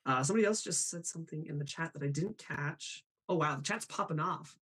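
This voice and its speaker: A man's voice: a little high, brisk, fairly bright tone. Bubbly young man hosting a live show. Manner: bubbly, laughs often, reads chat aloud. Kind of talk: casual live-stream chat.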